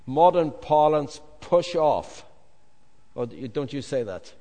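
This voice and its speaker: Male pastor, fairly high voice, animated preaching in a big echoing hall. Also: takes it slowly. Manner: animated, jokey asides, swings from loud to hushed. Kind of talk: sermon. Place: large hall with congregation. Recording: long reverb of a large hall.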